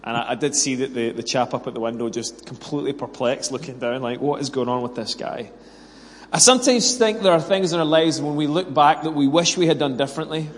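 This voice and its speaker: A British man with a high voice preaches quickly and with few pauses in a large hall. His sermon mixes scripture reading, prayer and personal stories, delivered earnestly and self-deprecatingly, with bits of dialogue acted out.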